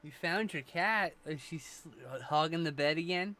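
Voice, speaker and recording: A man's voice: on the high side, normal speed, pushed and bright. A man streaming live, chatting casually and joking while relaying messages from chat.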